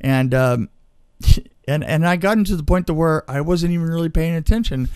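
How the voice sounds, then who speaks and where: A man's voice: fairly high pitch, normal speed, a little mellow, clear, resonant tone, no echo, clean studio sound. A man telling a long personal story in casual chat, laughing often and restarting his sentences. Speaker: storyteller guest. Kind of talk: casual anecdote.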